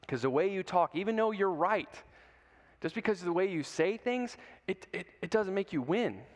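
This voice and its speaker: A man's voice: high voice, animated, moderate pace. A man giving a playful talk to middle schoolers, telling stories and asking the audience questions. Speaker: youth speaker. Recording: long hall reverb.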